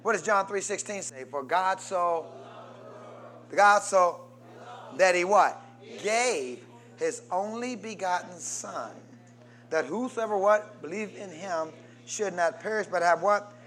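A man delivers a slow sermon as pastor, encouraging the congregation to answer. His voice rises to loud, emphatic calls and drops to low, quiet asides.

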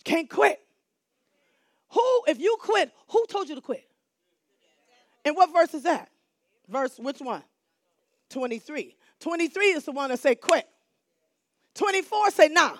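A woman pastor preaching a sermon in call-and-response style, repeating phrases for emphasis and swinging between hushed lines and shouts. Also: high-pitched, lively intonation, measured pace, pauses often, no room sound, clean studio sound.

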